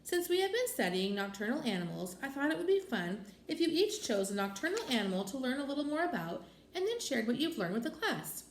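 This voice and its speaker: Woman doing calm kind teacher lady, lively voice, echoey room. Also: sits high, a little fast, hardly any pauses, slight background noise, voice pushed up. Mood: instructive. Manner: calm, instructive. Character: patient kindly female schoolteacher.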